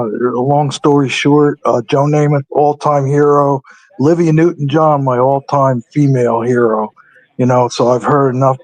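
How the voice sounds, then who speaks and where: A man calling in to a radio show, speaking slowly and hesitantly with many pauses and restarts. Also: mid-range voice, darkish tone, no room sound, low-quality recording. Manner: slow, hesitant, lots of uhs and restarts. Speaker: regular caller.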